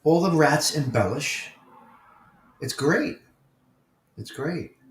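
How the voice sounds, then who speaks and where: A man's voice: fairly high pitch, lively intonation, takes it slowly. Emphatic man with a New York accent, roomy sound. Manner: repetitive and emphatic, addresses chatters by name. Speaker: host of a live morning chat stream. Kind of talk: casual livestream chat, reading and answering viewer comments. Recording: roomy echo.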